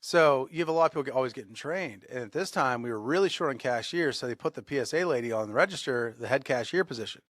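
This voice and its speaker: A man co-hosting a podcast, telling a workplace story in a lively way and acting out the shouting. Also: mid-range voice, fast, hardly any pauses, dry recording, clean studio sound. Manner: animated storyteller, acts out shouted quotes. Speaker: podcast co-host. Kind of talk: casual storytelling.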